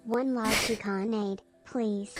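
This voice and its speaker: A woman's voice: fairly high pitch, steady tone, slow pace, no room sound, faint music behind. Female text-to-speech voice reading chat.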